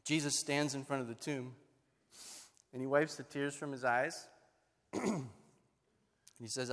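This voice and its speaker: A man's voice: a little high, moderate pace, pauses often, fairly bright tone. A middle-aged man preaching a sermon as pastor, telling the story dramatically and voicing the people in it. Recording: long reverb of a large hall.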